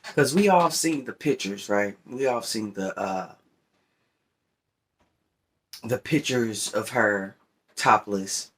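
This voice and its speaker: A deep-voiced man shares his opinions in an easygoing, rambling vlog. He speaks at an unhurried, drawn-out pace, with a voice that sits fairly low. He keeps circling back to the listener with a repeated conversational check-in. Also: fairly bright tone, slight background noise. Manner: rambling, repeats "you know what I'm saying". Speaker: vlogger. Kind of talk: casual opinion talk while smoking.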